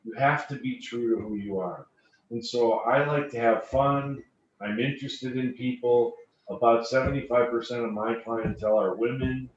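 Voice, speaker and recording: A man's voice: medium pitch, steady tone, moderate pace. Man telling stories on an echoey call. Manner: storytelling, repeats phrases for emphasis. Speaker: financial sales panelist. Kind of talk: panel talk with anecdotes. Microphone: video call computer mic. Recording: echoey, distant, dull lo-fi call audio, faint hiss.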